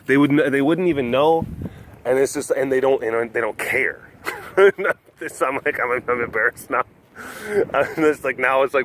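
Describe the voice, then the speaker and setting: A man's voice: mid-range voice, moderate pace, fairly bright tone, slight background noise. A man vlogging outdoors at an animal sanctuary while walking, talking in a rambling, casual way and chuckling often. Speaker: vlogger at a big cat facility.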